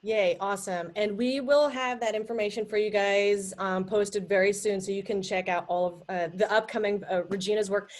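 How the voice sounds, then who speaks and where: A woman's voice: medium pitch, fairly even intonation, normal speed, few pauses, darkish tone. A woman host with a mid-range voice, upbeat and enthusiastic, who tells stories animatedly. She talks through a computer mic on a video call. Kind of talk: casual live interview.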